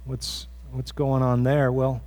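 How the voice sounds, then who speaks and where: A man's voice: medium pitch, completely flat delivery, takes it slowly, a little mellow. A man preaching a sermon as pastor in a church, earnest and conversational, often restarting his phrases.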